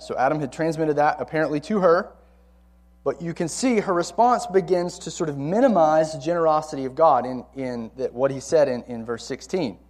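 A man's voice: on the high side, darkish tone. A man teaching a Bible lesson to a college ministry, speaking conversationally and repeating key words for emphasis.

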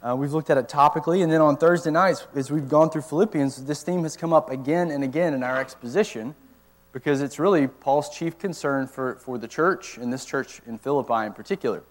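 A man's voice: fairly high pitch, darkish tone. A man teaching a Bible lesson to a college ministry, asking rhetorical questions and explaining each point step by step. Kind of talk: teaching sermon.

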